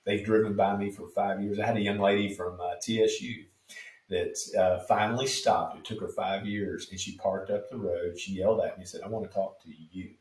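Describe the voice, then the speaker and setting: Deep-voiced man, roomy and off mic. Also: fairly even intonation, a little fast, a little mellow, distant mic. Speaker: guest, street preacher. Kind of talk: earnest interview answers. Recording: echoey room, off mic.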